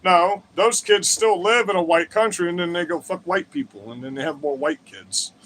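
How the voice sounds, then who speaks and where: A man speaks at a moderate pace in a high-pitched, slightly bright voice. He's a livestream host aiming a profane, combative political rant at his live chat, cursing frequently and veering off on tangents.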